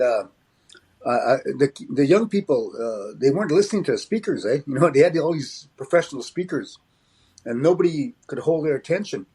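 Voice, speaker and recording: Older guy, husky voice, keeps restarting and tacking on "eh?", talking about his life in an interview. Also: mid-range voice, a little mellow. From Alberta, Canada. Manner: frequent restarts and tag "eh?". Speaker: comedian and motivational speaker, interview guest. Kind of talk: reflective interview talk.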